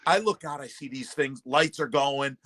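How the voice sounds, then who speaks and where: A man's voice: medium pitch, normal speed. A man hosting a casual talk show, telling a long story and acting out the people in it. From Connecticut. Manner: animated storyteller, acts out shouting voices. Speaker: podcast host.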